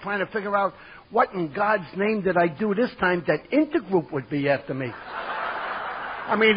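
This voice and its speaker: A man with a New York accent, telling his recovery story at a conference as a gruff, streetwise storyteller who acts out the lines he quotes. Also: high-pitched, muffled recording. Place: conference hall.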